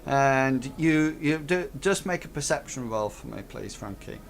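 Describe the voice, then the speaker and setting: A man running a tabletop game as game master, narrating in rambling, halting phrases. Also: mid-range voice, lively intonation, gravelly, noisy background.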